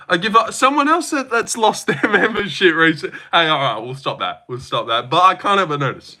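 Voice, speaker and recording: Bright-voiced man chatting on stream. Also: high-pitched, expressive, brisk, hardly any pauses. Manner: joking, chatty, reacts to chat messages aloud. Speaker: livestream host reading chat. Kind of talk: casual livestream chat.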